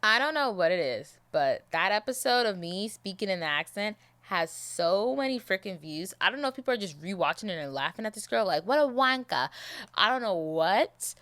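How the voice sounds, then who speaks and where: A woman's voice: medium pitch, animated, a little fast, few pauses, a bit bright, dry recording. A woman hosting her own podcast, rambling through a casual outro with a chatty, self-mocking manner. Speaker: podcast host.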